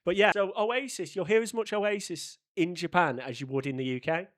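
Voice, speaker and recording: A man tells a travel story in a casual podcast chat. His voice sits a little high, and he plays out every exchange he recounts in an animated way. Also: fairly quick. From Manchester, England. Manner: animated, acts out quoted voices in his anecdotes. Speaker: podcast co-host.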